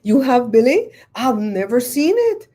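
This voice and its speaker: A woman, hosting a livestream and chatting with viewers, telling stories in an animated, exclaiming way. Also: on the high side, unhurried. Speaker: livestream host. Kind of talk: casual chat with live viewers.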